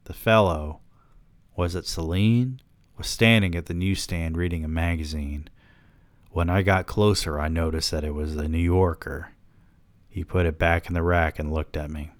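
Guy reading a novel on his podcast, deadpan, really deep voice, super dry close mic. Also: normal speed, no echo. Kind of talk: audiobook-style reading.

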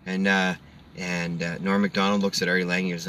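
A man's voice: low voice, flat delivery, a little fast, bright, forceful tone, recorded from a distance. A man hosting a casual comedy podcast, telling stories and acting out quotes in funny voices. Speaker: podcast host.

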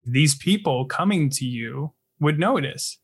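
A man's voice: a little high, expressive, unhurried, slightly rough. A man co-hosting a podcast, musing casually and joking with his partner. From northeastern United States. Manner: reflective, joking, laughs often. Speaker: podcast co-host. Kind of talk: casual chat.

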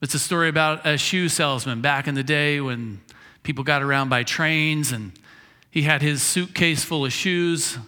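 A man's voice: a little high, moderate pace, pushed and bright. A male pastor telling a story in a sermon, casual and chuckling, acting out the lines of the people in his story. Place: church sanctuary. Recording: reverberant church hall.

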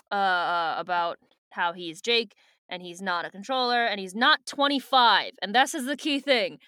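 A woman's voice: mid-range voice, bright, forceful tone, smooth, dry recording, clean studio sound. A woman co-hosting a podcast in casual book-club chat, talking with lots of fillers and offhand swearing. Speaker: podcast co-host.

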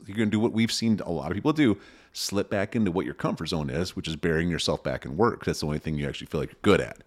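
A man co-hosting a podcast in casual chat, talking emphatically and sometimes searching for words. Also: sits low. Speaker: podcast co-host.

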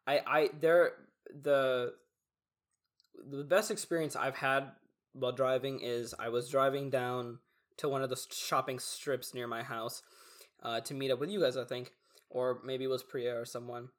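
A young man in casual podcast chat, telling stories in an animated way and acting out what other people said. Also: mid-range voice, moderate pace. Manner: animated storytelling, acts out quoted voices. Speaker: podcast co-host.

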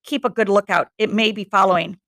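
A woman's voice: medium pitch, fairly even intonation, fairly quick, a bit bright, no echo, clean studio sound, close to an everyday voice. A woman reading aloud the lines of a proud, bitter schoolboy rival with a sarcastic, mocking edge. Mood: shaken.

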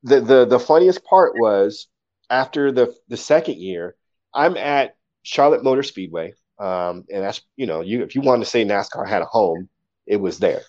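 A man, a poet, telling stories casually in an interview, animated and acting out quotes. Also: lowish voice, normal speed, lo-fi sound.

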